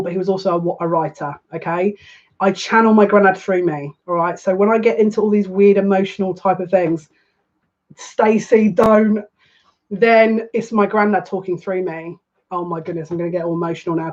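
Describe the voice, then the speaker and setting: Chatty woman as a psychic card reader, mid-pitched voice, dull lo-fi recording. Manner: chatty, with emotional asides, reads aloud from a card book. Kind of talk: live tarot reading.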